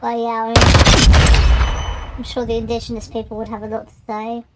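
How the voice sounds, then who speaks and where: A woman's voice: on the high side, completely flat delivery, fairly quick, a little mellow, slight background noise. A woman from the UK chatting as she plays a game on stream, rambling and cutting herself off. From United Kingdom. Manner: rambling, self-interrupting, chatty. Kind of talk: casual chat while gaming. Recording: game gunfire in the background. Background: gunfire and clicks from the game.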